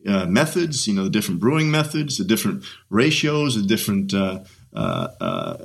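A man's voice: on the low side, wildly swooping pitch, normal speed, gravelly. A man, a coach appearing as a podcast guest, chatting loosely and enthusiastically with lots of fillers. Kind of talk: casual interview chat.

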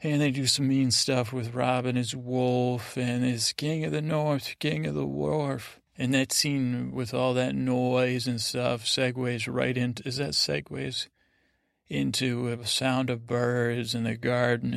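A man's voice: medium pitch, gravelly, fairly bright tone, no echo, studio quality. A man hosting a sleep podcast, rambling through a loose retelling of TV scenes with quoted lines. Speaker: podcast host.

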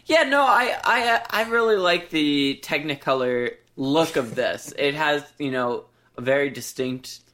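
A man co-hosting a podcast, talking through a film in a relaxed, thoughtful way. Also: fairly high pitch. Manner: unhurried, thoughtful, mild disagreement. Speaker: podcast co-host. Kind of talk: casual movie discussion.

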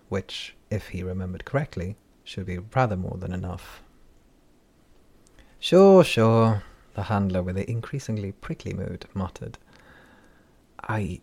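A man narrating a fantasy audiobook in a measured, wry storytelling manner. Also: lowish voice, creaky, darkish tone.

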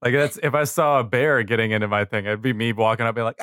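A woman's voice: extremely low pitch, fast, fairly bright tone, no echo, studio quality. A woman co-hosting a podcast, chatting casually with joking, apologetic asides. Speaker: podcast co-host. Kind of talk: casual chat.

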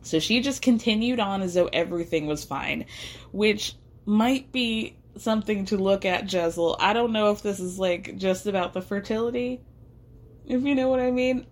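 A woman's voice: medium pitch, moderate pace. A woman hosting a podcast, recapping a reality show in casual commentary. She talks chattily, says "like" a lot, asks rhetorical questions and laughs often. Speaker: podcast host.

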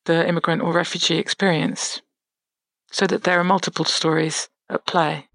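Thoughtful novelist, dry close sound. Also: male voice, a little high, little pitch movement, gravelly, a bit bright, no echo. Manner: thoughtful, measured, pauses mid-phrase. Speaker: novelist guest. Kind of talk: interview about his novel.

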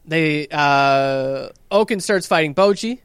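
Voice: medium pitch, takes it slowly, clean tone, no echo. A podcast host in casual chat, reading from notes and steering the recap. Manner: reads from notes, steers the talk.

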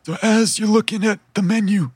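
A man narrating as game master in a relaxed, chatty, laid-back way. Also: high-pitched, a little fast, breathy edge, no room sound.

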